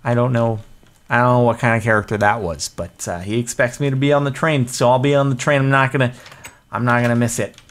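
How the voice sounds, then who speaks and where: A man's voice: mid-range voice, fairly even intonation, fast talker, a bit bright. A man casually commentating his gameplay, chatty and self-mocking. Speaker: gaming video host.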